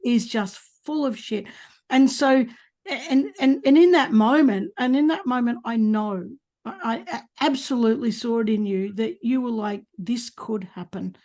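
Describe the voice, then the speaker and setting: Blunt, enthusiastic Australian woman, fairly high voice. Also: moderate pace, mellow. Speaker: podcast host. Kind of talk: casual interview chat.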